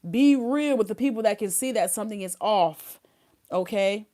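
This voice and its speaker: A woman's voice: mid-range voice, normal speed, dark tone. A woman giving a live tarot reading, chatting casually in slang and reading card messages aloud. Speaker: tarot reader.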